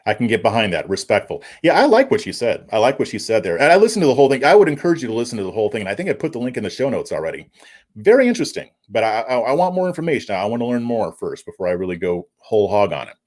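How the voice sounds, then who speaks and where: A man's voice: fairly low pitch, sing-song, racing, a little mellow. A man hosting a political commentary livestream, reading viewer comments in a casual, chuckling way and often stumbling over and repeating words. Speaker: political commentary show host.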